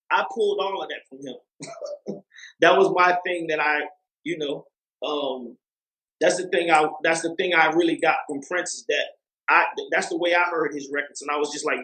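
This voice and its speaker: A man's voice: on the high side, bright, forceful tone, roomy sound, poor audio. A man talking as a music producer guest in a casual interview, rambling with lots of fillers and restarts.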